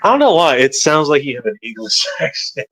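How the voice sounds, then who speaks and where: A man's voice: fairly high pitch, big pitch swings, brisk, a bit bright, rough recording. A man from the United States hosting a casual chat, rambling and joking with many restarts. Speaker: host.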